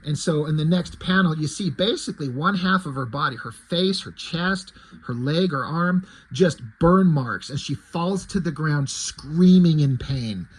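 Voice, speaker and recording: A man's voice: a little high, unhurried, slightly rough. A man casually retelling his own comic story in a conversational way, with fillers.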